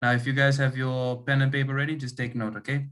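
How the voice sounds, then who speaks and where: A man's voice: mid-range voice, level tone, fast talker, a bit bright. Man leading an online engineering lab. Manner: checks understanding with frequent "okay" and "right". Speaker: lab demonstrator.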